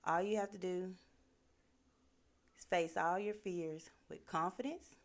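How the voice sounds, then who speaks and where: A woman with a fairly low voice speaks in a casual motivational talk. She is earnest and conversational, and her sentences are full of "like". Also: steady tone, unhurried. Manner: earnest, conversational, many fillers like "like".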